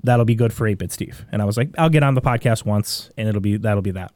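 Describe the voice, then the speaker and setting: A man with a Midwestern American accent, a podcast guest telling a long story in a rambling, animated way with many restarts. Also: on the low side, fast talker, no room sound, clean studio sound. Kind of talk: casual storytelling.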